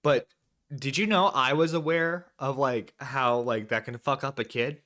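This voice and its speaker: A man's voice: mid-range voice, measured pace, bright, forceful tone. A man giving an angry reaction commentary on a live stream, ranting and swearing with stammered restarts. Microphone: desk microphone.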